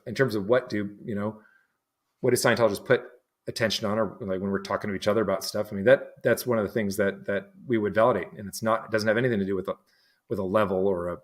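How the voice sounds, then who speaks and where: A New England man, a guest in an interview, chats casually in a fairly low voice. His speech is halting, full of fillers, false starts and restarts, and he circles his thoughts, stacking repeated words before landing a point.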